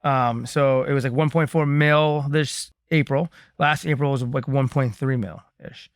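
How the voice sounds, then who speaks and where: A man co-hosting a real estate market update, joking around and reading figures slowly. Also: medium pitch, fairly even intonation, dry recording, studio quality. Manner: joking, reads figures slowly and rounds them off. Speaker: co-host reading market statistics. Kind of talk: casual podcast chat.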